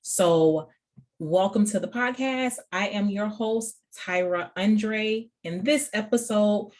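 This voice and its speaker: A woman in her thirties talks into a podcast microphone in a relaxed, conversational way. She tells a personal story, laughing often and speaking straight to her listeners. Her voice sits at a middle pitch. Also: slow pace. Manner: chatty, laughs often, addresses listeners as you guys. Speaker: podcast host. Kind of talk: casual storytelling.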